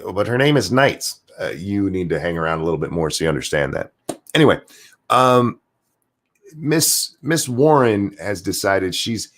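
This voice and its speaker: A man hosting his own channel, giving a heated, profane and sarcastic political rant, jumping between loud outbursts and low muttered asides. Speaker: streamer and channel host. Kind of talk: angry political commentary rant.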